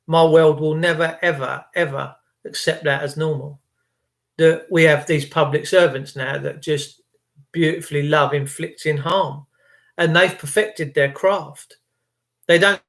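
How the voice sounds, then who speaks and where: A man's voice: on the high side, gravelly, a bit bright. A man giving an impassioned, rambling motivational monologue to camera. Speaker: vlogger.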